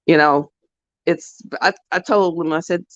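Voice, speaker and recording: A woman's voice: low voice, fairly even intonation, unhurried, fairly bright tone, dry recording. A woman hosting a livestream, chatting casually with her viewers in a rambling, heartfelt storytelling way. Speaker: livestream host. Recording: dull, dry lo-fi sound.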